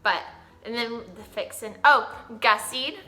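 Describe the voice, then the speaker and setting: A woman's voice: on the high side, measured pace, pushed and bright. A young woman, chatting casually and giggling as she acts out little quotes. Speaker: vlog co-host. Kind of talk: casual chat.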